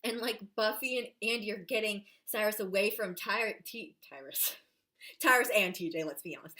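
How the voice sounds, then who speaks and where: A woman in a casual reaction vlog, gushing and excitable about an episode, full of "like" fillers. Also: mid-range voice, moderate pace. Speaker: vlogger reviewing a TV episode.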